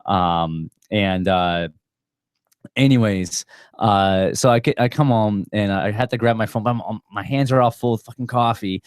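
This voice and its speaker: A man's voice: medium pitch, no echo, studio quality. A man hosting a podcast in casual chat, rambling and profane with lots of fillers. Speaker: podcast host. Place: small podcast studio.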